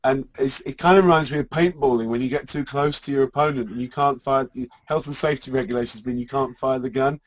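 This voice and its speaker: A man's voice: mid-range voice, steady tone, quick pace, hardly any pauses, no room sound. A male teacher chatting in a group call, talking wryly with hesitations, over dull lo-fi audio.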